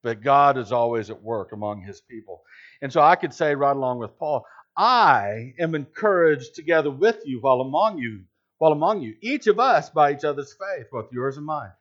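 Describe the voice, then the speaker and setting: A man's voice: mid-range voice, expressive, moderate pace, a bit bright. A man preaching a sermon as a pastor, emphatic and full of rhetorical questions. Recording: slightly dull lo-fi recording.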